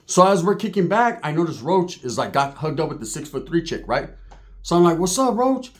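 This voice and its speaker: Animated, profane man telling a story. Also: a little high, brisk. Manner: profane, animated, acts out quotes. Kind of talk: casual comic storytelling.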